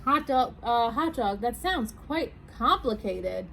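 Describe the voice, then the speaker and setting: Woman, children's librarian, storytime reader: slow, sing-song, higher voice, keeps asking the kids questions. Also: vocal fry, a little hiss or hum, rough recording. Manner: animated, asks young listeners questions. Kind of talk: reading picture books aloud at a storytime.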